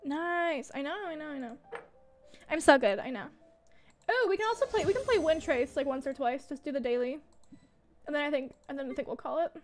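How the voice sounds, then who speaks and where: A woman's voice: sits high, expressive, a little fast, music in the background. A young woman streamer chatting casually to herself while playing a game, swearing when she loses. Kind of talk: casual gaming livestream chat. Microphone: desk mic, wearing headphones.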